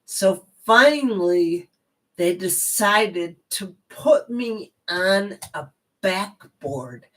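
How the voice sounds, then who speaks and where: Slow-talking woman telling a personal story. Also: mid-range voice. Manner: chatty, rambling asides, animated retelling.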